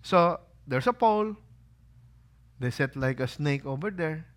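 Bright-voiced man preaching with questions. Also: on the high side, measured pace. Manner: lively preaching, rhetorical questions, acted quotes. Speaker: pastor. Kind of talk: sermon. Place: holy site visit.

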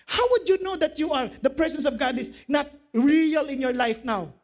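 A male pastor preaching a sermon in a very high voice. He quotes scripture, asks the congregation questions, and laughs along with his own jokes. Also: animated, normal speed.

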